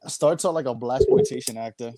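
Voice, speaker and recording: A man's voice: medium pitch, fairly quick, very noisy. A man in casual podcast chat, easygoing and agreeable, chiming in often. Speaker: podcast guest.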